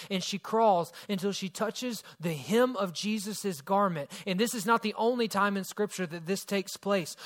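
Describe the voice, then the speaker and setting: A man with a high voice preaches a sermon, telling the story with energy. His delivery swings between loud, emphatic lines and hushed, quiet ones. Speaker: pastor.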